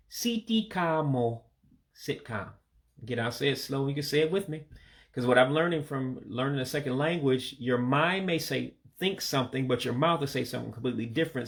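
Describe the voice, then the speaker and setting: Patient man with a gravelly voice. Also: medium pitch. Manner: patient, repeats words slowly for practice. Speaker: language learner teaching vocabulary. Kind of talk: casual spoken language lesson.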